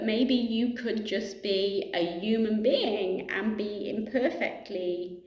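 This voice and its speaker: A middle-aged yoga teacher with a voice on the high side and a darkish tone talks casually and reflectively to camera in an echoey room. She's chatty, laughs easily, and leans on asides and fillers.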